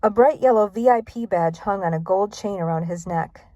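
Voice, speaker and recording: Woman storybook reader, mid-pitch, plain and even, dry close mic. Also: moderate pace, no room sound. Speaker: narrator. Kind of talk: storybook read-aloud.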